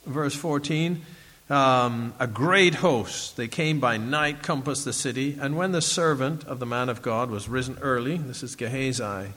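A man preaching a sermon in an animated way, chuckling as he reads scripture aloud to his listeners. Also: mid-range voice, a little slow, in a large hall.

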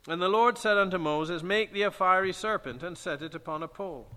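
Forceful preacher man in an echoing hall. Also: high voice, fairly quick. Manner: emphatic preaching with King James scripture reading. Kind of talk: sermon. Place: church sanctuary. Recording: long church hall reverb.

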